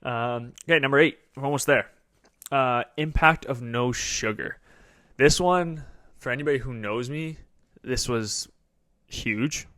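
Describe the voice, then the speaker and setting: A man's voice: mid-range voice, measured pace, a bit bright, dry recording, studio quality. A young man hosting a solo podcast, talking casually and rambling with lots of fillers. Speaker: podcast host.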